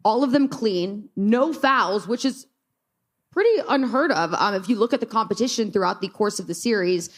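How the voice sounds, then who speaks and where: Woman running a press conference, upbeat, jokey, middle pitch. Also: lively intonation, moderate pace.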